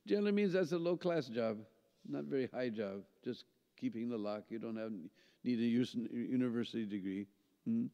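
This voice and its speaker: At a seminar in a temple hall, a man tells a story as a lecture, checking in with listeners by asking "hmm?" and "huh?" along the way. His medium-pitched, dark voice keeps a moderate pace, and the dull-sounding recording has long hall reverb.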